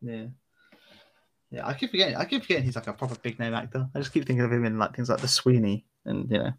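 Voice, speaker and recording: A man's voice: medium pitch, fast talker, creaky, a bit bright, slight background noise. A man co-hosting a podcast, chatting casually in a rambling, enthusiastic, slangy way. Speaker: podcast co-host. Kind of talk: casual chat.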